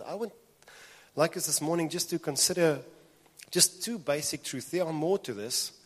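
A man delivering a sermon in an earnest, steady voice of middle pitch. He repeats key phrases for emphasis. The long reverb of a church hall hangs after every line. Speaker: pastor.

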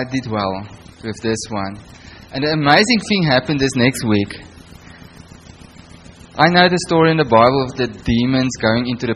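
A middle-aged man preaches in a relaxed, conversational tone, telling personal stories to a small congregation. His voice sits at an ordinary pitch, with a faint hum of room ambience behind him. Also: rough recording. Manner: storytelling with quoted voices, conversational. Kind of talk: sermon.

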